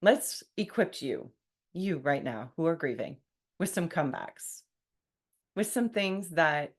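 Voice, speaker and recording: A woman hosts a solo podcast in a wry, conversational tone, acting out what people say to her. Her voice sits low, and she takes her time with an unhurried delivery. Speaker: podcast host.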